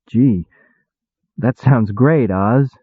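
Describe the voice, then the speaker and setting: A man's voice: mid-range voice, extremely slow, breathy edge, no room sound. A man voicing a timid, naive young male apprentice who speaks earnestly and plaintively, recorded with a tinny sound. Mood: eager. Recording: tinny phone-like dry sound.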